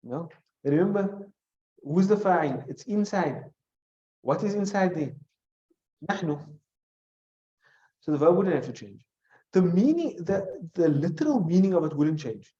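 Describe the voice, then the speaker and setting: A man teaches grammar in a classroom, walking his students through each point and putting questions to them. His voice sits a little high and sounds warm and mellow. The recording is dull and lo-fi, with a roomy echo. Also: big pitch swings. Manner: explains step by step, quizzing students with questions; recites short Arabic phrases quickly. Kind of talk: classroom lesson. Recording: echoey room, dull lo-fi sound.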